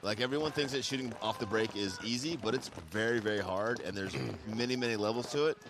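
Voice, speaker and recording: A man's voice: on the low side, fast talker. A man giving easygoing color commentary on a live paintball match. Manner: easygoing, joking banter. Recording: background noise.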